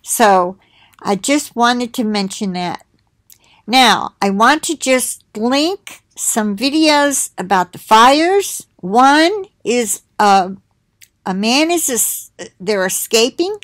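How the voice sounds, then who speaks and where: Middle-aged woman rambling to her viewers, slow and chatty, dry close mic. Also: a little high, lively intonation, a bit bright, no room sound. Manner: slow, rambling, reads titles aloud with asides. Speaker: video host sharing links. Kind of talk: casual monologue to viewers.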